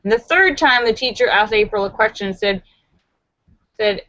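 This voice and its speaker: Reading out her viewers' jokes on a live stream, this woman is theatrical, jumping into voices and shrieking for punchlines, with frequent laughter and chatty asides. Her medium-pitched voice is expressive and sharp, at normal speed with frequent pauses. A dull, lo-fi computer microphone captures it dry, with no room sound.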